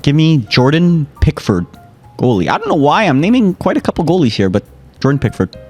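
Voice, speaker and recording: A man's voice: a little high, very animated, brisk, a little mellow, soft background music. A man competing in a quiz with friends, joking around and trash-talking in casual banter. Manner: playful, trash-talking, jokey. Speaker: quiz contestant.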